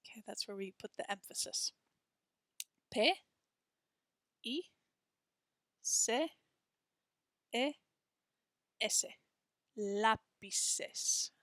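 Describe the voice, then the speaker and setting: Slow, patient woman teaching Spanish vocabulary. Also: fairly high pitch, a bit bright, no room sound, clean studio sound. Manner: spells words letter by letter, models pronunciation slowly. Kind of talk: textbook walkthrough lesson.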